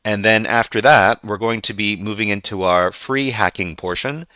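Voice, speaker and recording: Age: unknown. Sex: man. Role: host of a casual hacking livestream. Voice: low, bright and forceful, dry close sound. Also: moderate pace, smooth, no echo. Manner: loose, conversational and self-deprecating.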